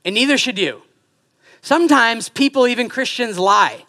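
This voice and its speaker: A man in his thirties preaching a sermon in a church, animated and joking, acting out quoted voices as he goes. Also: very high-pitched, normal speed. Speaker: pastor. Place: church sanctuary.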